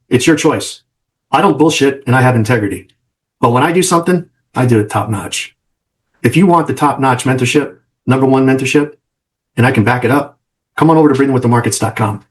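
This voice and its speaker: Emphatic man with a middle pitch. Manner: emphatic, repeats phrases, tags lines with "right?". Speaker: trading mentor. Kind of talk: direct-to-camera vlog.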